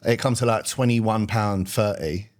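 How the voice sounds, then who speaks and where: A young man talks in a lowish voice, laid-back and full of slang. He spins everyday stories on a casual comedy podcast. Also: unhurried. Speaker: podcast host.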